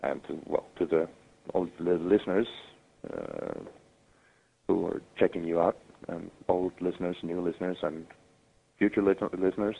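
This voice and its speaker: Sick guy with a fever calling in, real low gravelly husky voice, rambly, phone-line sound. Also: expressive. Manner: halting, rambling, many fillers. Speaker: caller.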